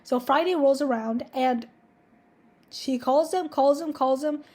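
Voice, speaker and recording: A woman's voice: high-pitched, a little slow, mellow. A young woman telling a story to camera in a casual, chatty way, swearing freely and filling her talk with "like". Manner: chatty, profane, heavy use of 'like'. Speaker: vlogger.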